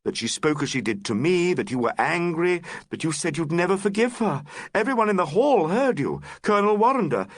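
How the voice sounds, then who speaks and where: A man's voice: a little high, sing-song, fairly quick, hardly any pauses, no room sound, voice pushed up. A man reading an anxious young woman in an audiobook, pleading urgently with her lover.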